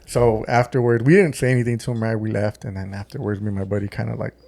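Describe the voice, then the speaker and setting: A man's voice: on the low side, level tone, fast, gravelly, a little mellow, dry recording. A man with a West Texas accent telling a story on a podcast, swearing often and using lots of "like" and "dude". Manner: swears often, acts out quotes with many "like" and "dude". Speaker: podcast co-host, former deputy. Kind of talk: casual storytelling chat.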